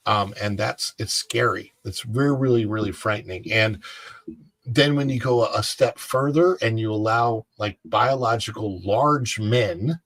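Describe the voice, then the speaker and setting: Co-hosting a laid-back chat show, this man rambles and shares strong opinions, often restarting sentences and leaning on fillers. His voice is lowish, unhurried and a bit bright, with no echo.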